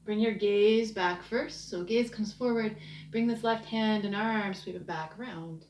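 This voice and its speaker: A woman teaching a short yoga break, talking students through each move with gentle, soothing cues. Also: medium pitch, unhurried. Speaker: yoga instructor. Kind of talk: guided yoga class. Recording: echoey room, distant mic.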